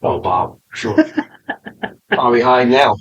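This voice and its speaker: A man is a guest on a casual podcast. His voice is mid-pitched, and he mostly adds short, dry jabs at the host. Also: slow pace, a bit bright, lo-fi sound. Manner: dry, teasing interjections.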